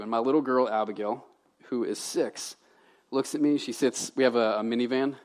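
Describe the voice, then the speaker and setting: A Louisiana pastor in his thirties preaches conversationally, trading loud emphasis for quiet asides. His pitch is medium and he talks fast.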